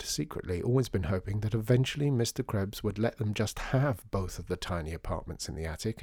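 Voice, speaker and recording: A man narrating a children's storybook in a measured, hushed manner. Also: on the low side, dry recording, studio quality.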